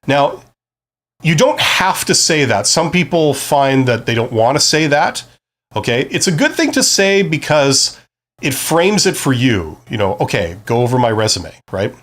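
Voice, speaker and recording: A man talks through career advice on a live stream, explaining step by step. His pitch moves a lot, and he keeps checking in with his listeners. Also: big pitch swings, a little slow, fairly bright tone. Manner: conversational, explanatory, frequent "right?" check-ins.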